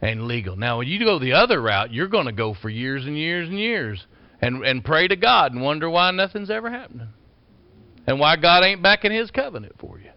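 Man, folksy sermon storyteller, loud bursts and quiet asides, dry close mic, slightly muffled. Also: on the high side, sing-song, fairly quick, dry recording. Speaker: preacher. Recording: dull lo-fi sound.

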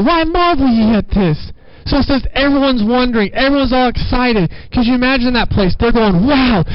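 A man with a very high, smooth voice preaches a fervent sermon, hammering his points home with repeated phrases. The sound is dry and a little dull, as if from a lo-fi recording. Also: no room sound. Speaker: pastor.

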